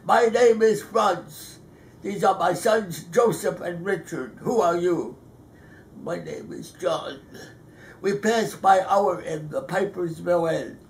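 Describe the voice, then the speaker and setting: An older man, a poet, reading his own poem slowly and deliberately on a theater stage. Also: sits high, a little hiss or hum. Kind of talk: poetry reading.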